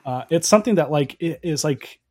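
A man from the Northwest, talking casually and haltingly with many "like" fillers. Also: a little high, animated, warm tone. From Pacific Northwest, USA. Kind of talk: casual podcast chat.

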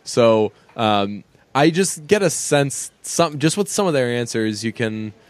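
A man chats casually on a podcast, joking around. His voice sits at an ordinary middle pitch. The sound is dry and close. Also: expressive, measured pace, dry recording. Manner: chatty, joking, mimics voices in quotes. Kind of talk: casual chat.

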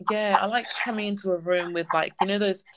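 A woman's voice: mid-range voice, steady tone, a little fast, noisy background. A woman hosting a casual chat show, gushing and often repeating her words. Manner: effusive, repeats herself. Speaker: host.

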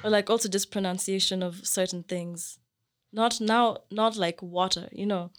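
A woman's voice: medium pitch, steady tone, moderate pace. A young woman from Kenya, co-hosting a casual podcast chat, laughing often and mimicking people's reactions as she tells stories.

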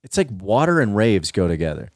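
A man with a mid-range voice that bounces around a lot in pitch, chiming in with quick reactions and wisecracks. The sound is dry and close to the mic. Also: very animated, a little mellow, no room sound. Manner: short reactions, jokey quips. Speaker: podcast co-host. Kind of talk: casual chat, reacting to stories.

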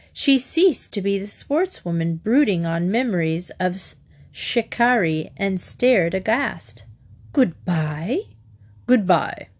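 A woman reads a comic novel aloud in a wry, expressive way. Her medium pitch moves with a lively, animated range. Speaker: narrator. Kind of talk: audiobook narration of a comic novel.

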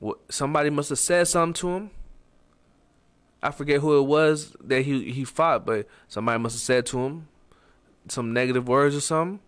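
A man delivering a blunt, preachy motivational monologue, cursing freely and jumping to loud emphatic peaks. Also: a little high, a little fast, smooth.

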